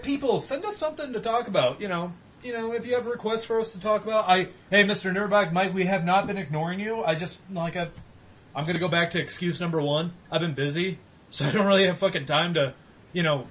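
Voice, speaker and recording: A man co-hosting a casual gaming podcast, talking animatedly, swearing and mock-yelling at games. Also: high voice, muffled recording. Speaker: podcast co-host.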